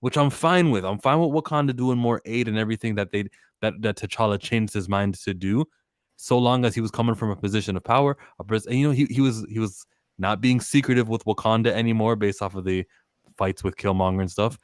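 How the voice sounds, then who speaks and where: Man, low voice, dry close mic, lively podcast guest who acts out quotes. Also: a little fast, clean tone, no room sound. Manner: animated, acts out quotes from scenes. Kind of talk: casual movie discussion.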